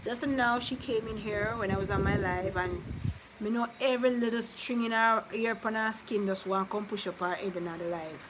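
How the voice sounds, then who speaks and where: Woman streamer, mid-pitched, chatty and consoling, noisy background, live vlog. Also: steady tone, moderate pace. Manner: chatty, consoling then teasing, drifts between topics. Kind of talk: casual live-stream chat with viewers. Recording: noticeable background noise.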